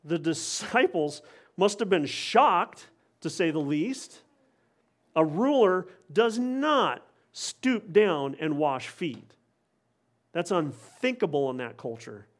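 A man's voice: on the high side, expressive, takes it slowly. A man preaching a sermon, explaining a passage in an earnest, expository way, with occasional wry asides.

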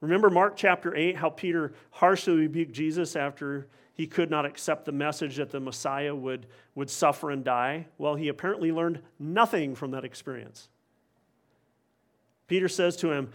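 A man's voice: a little high, normal speed. A man preaching a sermon, explaining a passage in an earnest, expository way, with occasional wry asides.

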